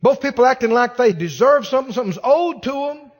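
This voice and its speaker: A man's voice: very high-pitched, lively intonation, quick pace, long reverb tail. A male pastor preaching a sermon, acting out the voices of the people he quotes.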